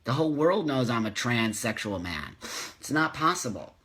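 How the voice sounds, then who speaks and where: A man's voice: medium pitch, big pitch swings, moderate pace, fairly bright tone. A middle-aged man hosting a live community video chat, talking casually and reading viewer comments, passionate and emotional as he rants. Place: home, live stream.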